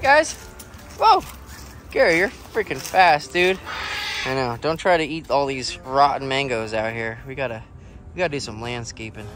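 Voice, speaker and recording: A man talks casually on an outdoor vlog, his voice sitting a touch high, relaxed and chatty. He swears lightly as he works around his animals. Clear music plays under the recording. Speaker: vlogger and animal keeper.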